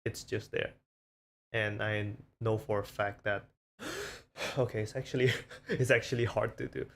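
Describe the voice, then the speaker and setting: A man's voice: lowish voice, lively intonation, measured pace, a bit bright, slight background noise. A man streaming casually, rambling and self-conscious as he shows off the different voices he talks in. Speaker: VTuber streamer.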